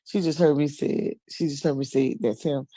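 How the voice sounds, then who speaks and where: A woman chatting casually, telling a funny story and throwing her voice high to quote others. Her tone is warm and dark, and the sound is dry and close with no room around it. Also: normal speed, dry recording. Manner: animated storyteller, laughs often, jumps into high voices for quotes. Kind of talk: casual chat.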